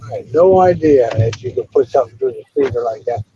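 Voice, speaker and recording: A man's voice: mid-range voice, lively intonation, fast talker, muffled recording, background noise. A middle-aged man hosting a livestream from his car on his phone, swearing and telling stories casually. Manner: gruff, swearing, storytelling. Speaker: livestream host. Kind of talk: casual chat while driving.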